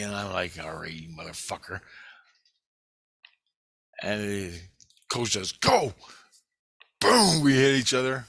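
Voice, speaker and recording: A middle-aged man telling rambling, profane stories from his past in a casual monologue, getting loud when excited. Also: lowish voice, no room sound. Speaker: vlogger.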